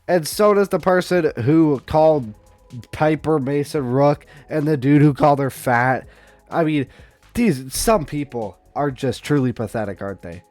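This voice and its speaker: A man's voice: fairly high pitch, expressive, measured pace, darkish tone, no echo, faint music behind. A young man hosting a casual news commentary vlog, rambling and snarky, trading playful insults. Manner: rambling, snarky, trash-talking. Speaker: vlog host.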